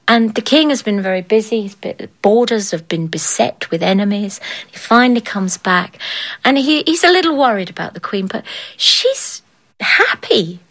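A woman's voice: mid-range voice, a bit bright, poor audio. A woman telling a folk tale aloud in a playful way, acting out the characters and laughing along. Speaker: storyteller. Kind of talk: oral storytelling.

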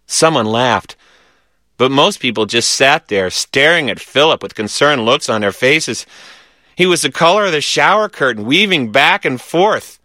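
Animated man reading a story. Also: mid-range voice, moderate pace, no echo, studio quality. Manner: lively, animated.

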